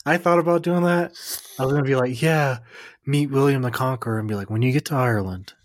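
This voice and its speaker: A man's voice: medium pitch, fast, dry recording, studio quality. A man co-hosting a podcast in casual chat, joking and teasing, breaking into goofy voices. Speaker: podcast co-host.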